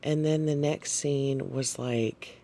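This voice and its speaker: A man shares a dream with his audience at an unhurried pace, pausing often on fillers and apologizing as he goes. His voice has a gravelly texture, and his delivery stays soft and hesitant. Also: medium pitch, fairly even intonation. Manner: halting, soft-spoken, frequent fillers and apologies. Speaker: channel host sharing a dream. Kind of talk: casual spoken dream recounting.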